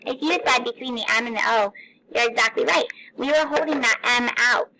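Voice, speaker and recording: A woman teacher leading a recorded phonics lesson for young children, patient and encouraging, sounding out words slowly. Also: on the high side, noisy background.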